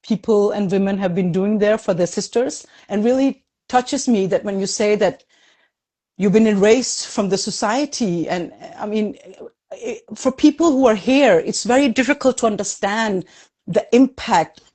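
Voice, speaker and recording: A woman interviewing a guest and asking gentle, probing questions. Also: medium pitch, normal speed.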